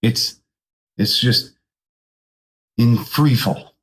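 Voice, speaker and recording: Man telling a slow, rambling tall tale. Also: medium pitch. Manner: rambling, deadpan tall tale with sudden voice jumps. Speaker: comedian and podcast host. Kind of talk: comedic storytelling monologue.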